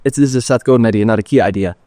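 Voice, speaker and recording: A man's voice: mid-range voice, rapid-fire, dark tone, dry recording, clean studio sound. A young man hosting a podcast, telling a personal story in a candid, rambling way, full of "like" and casual swearing. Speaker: podcast host.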